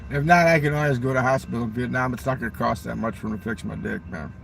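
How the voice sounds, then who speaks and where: A man's voice: mid-range voice, quick pace, gravelly, a bit bright, slight background noise. A man telling crude stories in a rambling, profane casual monologue, outdoors near a railroad crossing. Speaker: vlogger.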